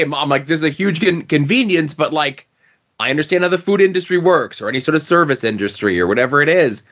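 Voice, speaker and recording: A man's voice: on the high side, a bit bright, highs cut off. A man hosting a podcast in casual chat, easygoing and joking, trailing off with fillers. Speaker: podcast host.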